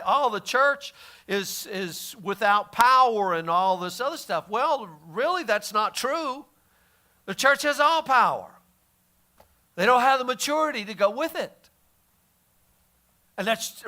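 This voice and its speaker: A male pastor gives a conversational Bible teaching in a folksy, plainspoken way. His voice sits high and sounds bright and forceful. He often stammers and restarts his sentences as he thinks aloud.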